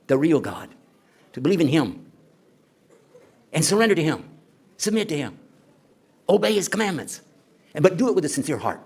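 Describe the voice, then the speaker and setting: Man, religious lecturer, fairly high voice, lively and animated delivery, chatty with the crowd. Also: normal speed, gravelly, pauses often, husky. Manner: conversational, rhetorical questions to the audience; acts out quoted speakers. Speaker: Islamic lecturer. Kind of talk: conference lecture.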